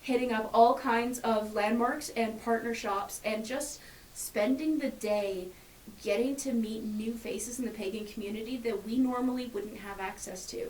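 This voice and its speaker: A woman chatting eagerly and at length as a guest on a casual radio show, with bursts of excitement. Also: a little high, moderate pace, far from the mic. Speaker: guest from a pagan association. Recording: echoey room, somewhat off-mic, faint hiss.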